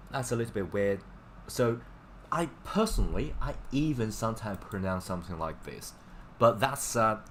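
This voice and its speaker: A man's voice: lowish voice, slight background noise. A man teaching Chinese in a live-stream lesson, explaining casually in English with many fillers and repeating words for practice.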